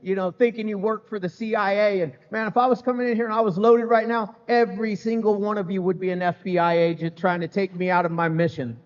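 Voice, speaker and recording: A man's voice: sits high, steady tone, quick pace, few pauses, smooth. A middle-aged man sharing his recovery story with a live audience, candid and humorous, talking casually with lots of "man" and "you know". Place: event hall with live audience. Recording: echoey hall, slightly muffled sound.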